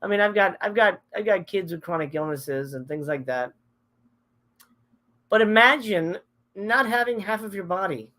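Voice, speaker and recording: Middle-aged male streamer, casual and cursing, emotional and halting as he reacts to chat. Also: sits high, expressive, sharp tone. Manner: candid and emotional, swears often, trails off and restarts. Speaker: live stream host. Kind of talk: casual live-stream chat, reading viewer comments.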